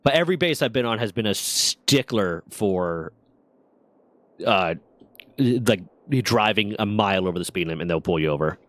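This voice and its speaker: A man's voice: lowish voice, moderate pace, dry recording. A man telling casual, rambling, profane stories while streaming a game. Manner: rambling, profane, lively anecdotes. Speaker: streamer and storyteller. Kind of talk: casual storytelling while gaming.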